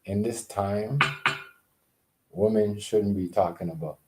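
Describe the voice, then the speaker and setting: A man's voice: lowish voice, slow pace, long pauses, warm tone. A man in a casual, rambling vlog rant, profane and emphatic, often repeating himself. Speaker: vlogger.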